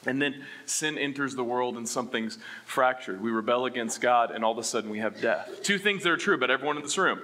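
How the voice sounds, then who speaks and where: Animated, bright-voiced male pastor preaching. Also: mid-range voice, fast, few pauses, slight background noise. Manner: animated, asks the room questions, swings from loud to hushed. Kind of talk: sermon.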